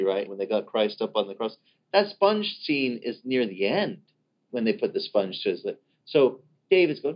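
A man preaching a sermon in an animated way, acting out the voices of the people he quotes. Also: mid-range voice. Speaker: pastor. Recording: dull lo-fi recording.

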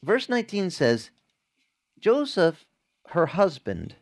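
A man's voice: very animated, slow. A man preaching a sermon in a casual, conversational way, acting out short dialogues. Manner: conversational, acts out little dialogues with jumps in pitch.

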